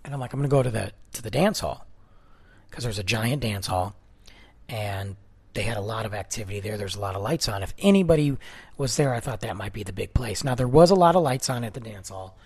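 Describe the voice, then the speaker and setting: This Detroit-area man, in his thirties or forties, tells a personal story casually and with animation, jumping into excited bursts and then falling to a hush. His voice sits lowish and sounds slightly rough, and he talks briskly.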